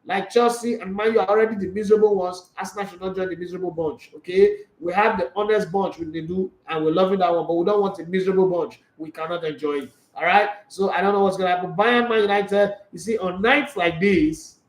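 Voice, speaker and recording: Animated man, high voice. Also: quick pace, few pauses, reverberant, poor audio. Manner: animated, teasing, rhetorical questions. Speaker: sports show host. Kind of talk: casual football preview talk.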